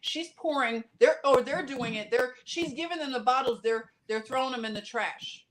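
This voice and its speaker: A woman's voice: high-pitched, a little hiss or hum. Impassioned woman telling a story. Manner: impassioned, animated storytelling with sudden loud outbursts; talks in quick runs with many restarts and fillers. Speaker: podcast guest. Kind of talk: casual podcast conversation.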